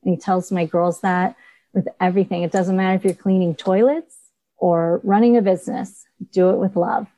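Woman artist, warm and mellow, dry close sound, earnest animated storyteller on a call. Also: fairly low pitch, normal speed, no echo, low-quality recording. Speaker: artist and coaching student. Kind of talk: coaching call.

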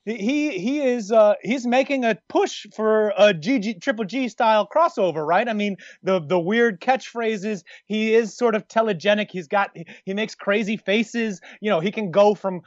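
A man's voice: high voice, moderate pace, few pauses, no room sound, lo-fi sound. A man co-hosting a podcast, talking in a rambling, jokey way with lots of restarts. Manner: rambling, self-interrupting, jokey. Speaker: podcast co-host. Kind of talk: casual podcast chat.

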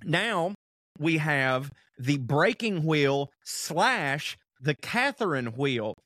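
Male podcast co-host, rambling and profane, slightly raised pitch. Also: big pitch swings, very slow, a bit bright, dry recording, studio quality. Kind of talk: casual comedic chat.

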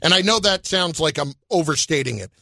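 A man co-hosting a sports talk show, building his case in an animated way. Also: a little high, brisk, creaky, no room sound, studio quality. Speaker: sports radio co-host.

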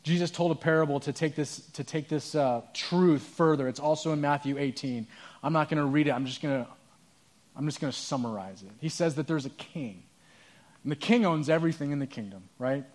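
A pastor preaching a sermon, telling a story in an earnest, conversational way. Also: male voice, fairly high pitch, brisk, a little mellow.

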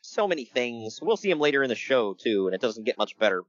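A man's voice: medium pitch, very animated, fast, no room sound, dull audio. A man co-hosting a podcast, recapping wrestling in a jokey casual chat, laughing often.

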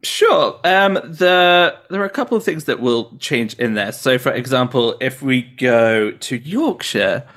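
An encouraging man coaching as a podcast guest. His pitch rises and falls freely as he explains and demonstrates. He talks patiently and clearly. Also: lively intonation, unhurried, few pauses, fairly bright tone. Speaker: accent and dialect coach.

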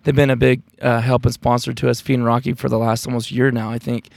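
A man hosts a laid-back podcast chat, his voice a touch gravelly and close to the mic. He rambles easily, filling gaps with ums and uhs. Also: mid-range voice, fast, dry recording. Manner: rambling, relaxed, with many fillers. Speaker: podcast host. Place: camping outdoors in the mountains.

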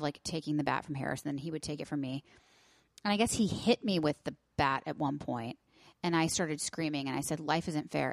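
A woman co-hosting a parenting podcast in casual chat, animated and outspoken, sometimes swearing and quoting people. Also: deep voice, creaky, no echo, clean studio sound. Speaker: podcast co-host.

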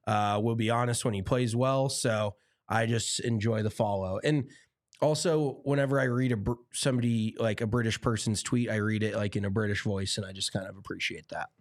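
A man's voice: on the low side, fairly even intonation, a little fast, no echo. Chatty guy cohost, lots of like and um, dry no-room sound. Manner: chatty, easygoing, filler-heavy. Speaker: podcast co-host. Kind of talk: casual chat.

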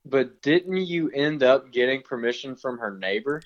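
A man's voice: medium pitch, normal speed. A man co-hosting a hunting podcast in casual chat, often saying "like" and "dude". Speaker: podcast co-host. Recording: dull lo-fi sound.

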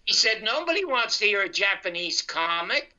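An older man spins a long anecdote, acting out both sides of the conversation. His voice is very bright and forward. It comes through a muffled, dulled internet call line. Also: high-pitched, moderate pace. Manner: animated storyteller quoting others in dialogue. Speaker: guest comedian. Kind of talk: storytelling anecdote. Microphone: video call.

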